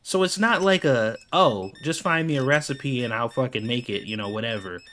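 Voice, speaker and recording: A man's voice: medium pitch, moderate pace, sharp tone. A man telling casual, exasperated stories over gameplay, swearing freely and laughing often. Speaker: gaming video creator.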